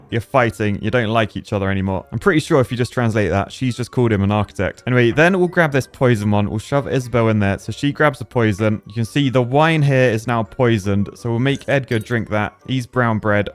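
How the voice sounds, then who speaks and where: A young man, chatting and laughing as he plays through a puzzle game. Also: medium pitch. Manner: chatty, laughing, jumps into silly character voices. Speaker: gaming youtuber. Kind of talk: playful let's-play commentary.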